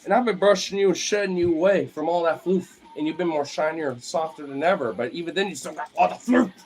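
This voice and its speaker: A young man chatting playfully to his pet dogs, sliding into high cooing pet talk. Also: fast talker, a little mellow. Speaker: dog owner vlogger.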